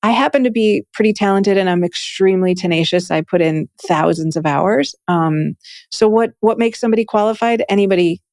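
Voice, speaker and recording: A woman's voice: medium pitch, brisk, a little mellow, no echo, clean studio sound. A woman being interviewed, talking with enthusiasm in a chatty, casual way, peppering her speech with "like" and "right?". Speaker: guest, Akashic Records reader and teacher.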